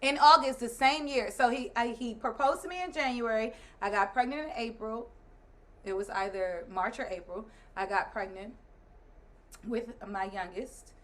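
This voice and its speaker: Here the host's wife, a guest in her thirties, recounts a story casually, voicing other people's lines with animation and laughter. Her pitch sits on the high side and her pace is moderate.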